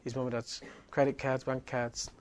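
A man's voice: mid-range voice, little pitch movement, moderate pace, a little hiss or hum. A man giving a sermon, earnest and emphatic, driving points home with repeated phrases. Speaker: preacher.

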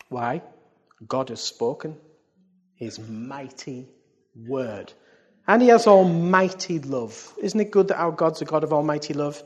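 A man preaching a sermon to his church. He swings from loud exclamations to hushed asides and keeps asking the congregation questions. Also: fairly high pitch, lively intonation, unhurried, long pauses. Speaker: pastor. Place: church service.

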